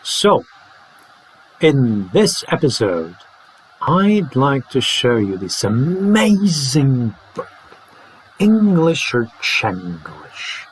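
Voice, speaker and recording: Animated man teaching English. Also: mid-range voice, slight background noise, poor audio. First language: Czech. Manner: lively, playful, modeling phrases slowly and fast. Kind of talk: English lesson to camera.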